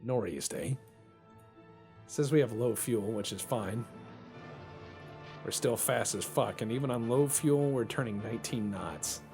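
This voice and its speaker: A man's voice: mid-range voice, unhurried, creaky, long pauses, a little mellow, faint music behind. A man hosting a let's play, giving casual commentary on a naval strategy game, joking, swearing and thinking aloud as he plays.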